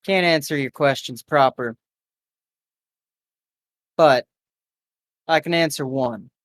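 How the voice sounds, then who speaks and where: A weary, guarded man, played by a game master in a live tabletop game. He is gruff and blunt, swearing casually. The voice sits at a middle pitch, dry and close. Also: slow, dry recording, close to an everyday voice. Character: weary, guarded adult man, cynical fixer. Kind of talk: live tabletop role-play.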